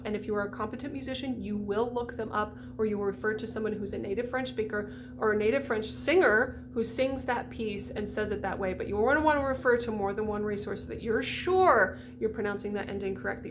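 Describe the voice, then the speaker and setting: An American woman voice coach gives singers a pronunciation lesson, chatty and emphatic, sounding out examples aloud. Her voice is medium in pitch, and there's noise in the background.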